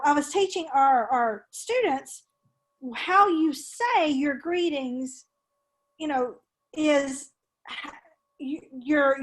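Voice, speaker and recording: A woman English teacher talking through ideas with a colleague, rambling and restarting her sentences. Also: high voice. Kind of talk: casual professional discussion.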